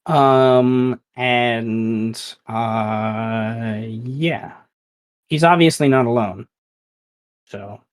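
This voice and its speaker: A man narrates a tabletop role-playing session as game master at an unhurried, slow pace. His delivery is loose and halting, full of fillers as he works out the scene. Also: medium pitch, poor audio.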